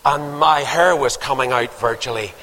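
With a bright, forceful tone at medium pitch and normal speed, an older man delivers a church sermon full of stories that climb toward emphatic calls to action. Long hall reverb surrounds his voice.

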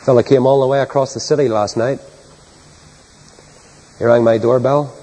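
A man preaching a sermon with great passion, soaring to loud high peaks and then dropping low and quiet, and putting questions to his listeners. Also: steady tone, moderate pace, in a large hall, low-quality recording. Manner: rhetorical questions to the congregation.

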